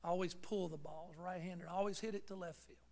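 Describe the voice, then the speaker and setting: A man's voice: high-pitched, fairly even intonation, fast, a little mellow. A man preaching in church, telling a personal story that builds into fervent preaching. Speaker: pastor.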